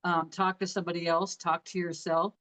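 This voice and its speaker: A woman's voice: fairly low pitch, level tone, a little fast, a bit bright, low-quality recording. A middle-aged woman co-hosting a casual chat about grief, speaking earnestly and sharing heartfelt advice. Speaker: podcast co-host.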